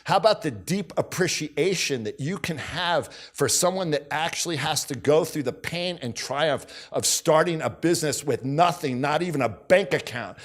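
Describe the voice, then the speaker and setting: A middle-aged man giving a motivational keynote on a conference stage, telling stories and acting out bits of dialogue. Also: on the high side. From United States. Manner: storytelling, acts out dialogue, repeats catchphrases. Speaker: keynote speaker.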